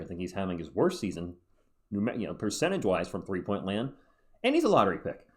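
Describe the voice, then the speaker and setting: A man hosting a sports channel, talking through basketball opinions in a chatty, animated way with quick asides. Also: medium pitch. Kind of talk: solo sports commentary video.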